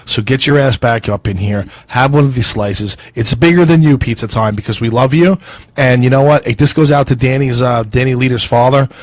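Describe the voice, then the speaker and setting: A man's voice: medium pitch, a little fast, no echo. A man co-hosting a casual live talk show, joking, laughing often and making earnest pleas. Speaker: co-host.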